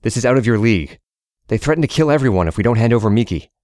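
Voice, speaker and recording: A man's voice: mid-range voice, animated, very fast, a little mellow, dry recording, clean studio sound, close to an everyday voice. A man voicing a frightened young man who stammers and speaks shakily. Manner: stammering, shaky. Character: frightened young man caught in a gang fight.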